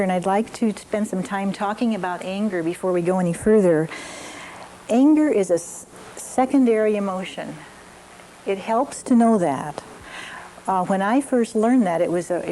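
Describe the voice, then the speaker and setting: An older woman teaching a parenting class, gently telling stories from her own family with frequent restarts. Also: mid-range voice, slight background noise, rough recording.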